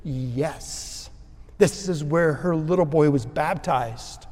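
A man preaches at an unhurried, deliberate pace, his voice sitting a little high for a man. He moves between ringing emphasis and hushed tenderness. His words hang in the long reverb of a big church sanctuary. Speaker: pastor. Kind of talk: sermon.

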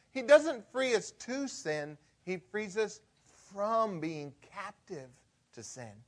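A man preaching a sermon as pastor, shifting from hushed and conversational to loud and emphatic. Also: sits high.

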